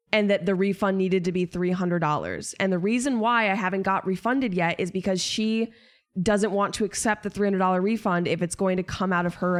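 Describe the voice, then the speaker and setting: A young woman streamer venting to her viewers in casual chat, exasperated, swearing and rambling. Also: mid-range voice.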